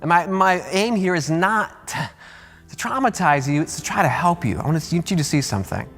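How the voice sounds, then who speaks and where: A man preaching a sermon as pastor, emphatic and animated, repeating key words and jumping up in pitch to stress them. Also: normal speed. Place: large church auditorium. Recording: long hall reverb with faint music.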